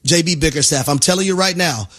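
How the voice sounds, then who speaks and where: A man's voice: fairly high pitch, quick pace, fairly bright tone. A male radio sports analyst talking in an urgent tone and giving warnings. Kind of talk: casual radio sports talk.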